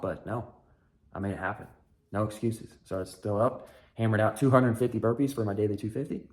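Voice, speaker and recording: Lower-voiced man telling a candid story. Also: steady tone, fast. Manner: candid, rambling, self-deprecating humor. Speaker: podcast host, father. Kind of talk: casual storytelling monologue.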